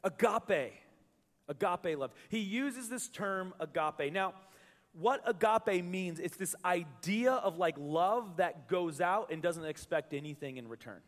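A man with a high voice speaks at an unhurried pace. He's a pastor preaching to his congregation in a joking, conversational style, frequently restarting his words, and the recording carries the echo of a church hall with a live congregation present.

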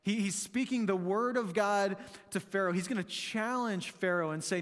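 A man's voice: high voice, normal speed, few pauses, fairly bright tone, in a large hall. A man preaching a sermon as pastor, in a conversational manner, often asking the room rhetorical questions.

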